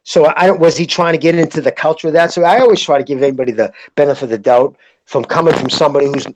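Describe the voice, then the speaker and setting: A man's voice: fairly high pitch, rapid-fire, poor audio. A man co-hosting a casual boxing podcast, talking in an emphatic, rambling, profane way. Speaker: podcast co-host.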